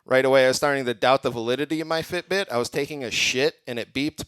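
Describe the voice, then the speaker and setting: A man performing a crude, deadpan stand-up comedy set on a comedy club stage. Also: mid-range voice, fast talker, hardly any pauses, clean tone, no echo. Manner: deadpan punchlines, crude jokes.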